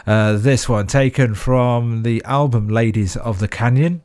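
A man's voice: medium pitch, a little slow, darkish tone. A man hosting a music radio show, chatting loosely between songs with plenty of fillers and restarts.

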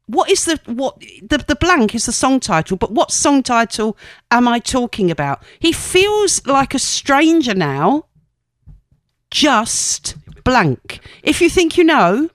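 A woman's voice: a little high, no room sound. A woman presenting on the radio in a chatty, rambling way, correcting herself and laughing at her own slips.

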